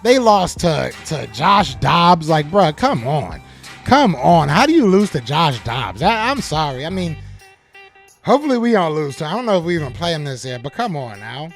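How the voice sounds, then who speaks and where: A man hosting a live sports podcast, reading chat comments aloud and answering them with animated trash talk. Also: a little high, moderate pace, faint music behind.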